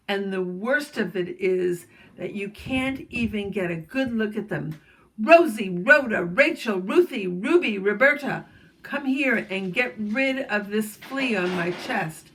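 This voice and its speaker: A huge, fierce storybook gorilla, as a woman puts him on, barking loud and gruff like he owns the jungle. He bellows orders, always bossy and impatient, in a voice that fills the whole room. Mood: raging. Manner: loud booming gruff shouts.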